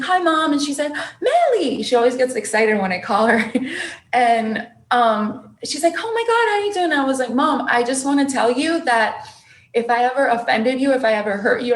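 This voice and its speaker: A woman's voice: sits high, roomy sound, slight background noise. A young adult woman, a podcast guest, telling her personal story with emotion and acting out what others said. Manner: emotional, animated storyteller who acts out quotes.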